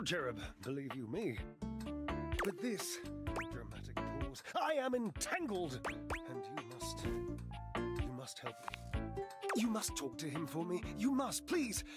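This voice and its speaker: A man's voice: high voice, heavily acted. A theatrical, lovesick figure from a video game who pours out his heart in florid, wordy phrases. His voice swoops widely up and down as he sighs and pleads, with music playing behind him. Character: theatrical lovesick man, dramatic and verbose. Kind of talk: video game character dialogue.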